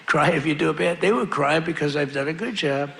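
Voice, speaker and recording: Against crowd noise, cheering, and ambient sound, a political rally speaker boasts and repeats himself in a large venue, drifting into rambling asides. He has a fairly high, creaky, slightly bright voice and a brisk delivery.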